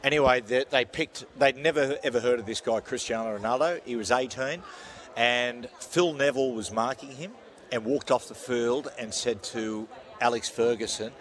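A man's voice: mid-range voice, normal speed, fairly bright tone. An Australian man hosting an on-air quiz with jokey, theatrical game-show patter. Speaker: quiz host on a radio show. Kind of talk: casual on-air radio banter.

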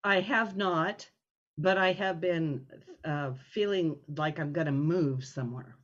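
A woman's voice: lowish voice, unhurried, muffled recording. A woman hosting a talk show, answering in short replies and laughing easily during a reading. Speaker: show host. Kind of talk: casual chat.

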